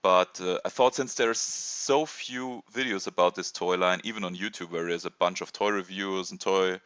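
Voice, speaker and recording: A man in his thirties from Germany with a German accent, hesitantly presenting a casual toy review with many pauses and fillers. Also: low-pitched, fairly even intonation, a bit bright, clean tone, no room sound, lo-fi sound. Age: 30s. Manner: hesitant, many ums and uhs.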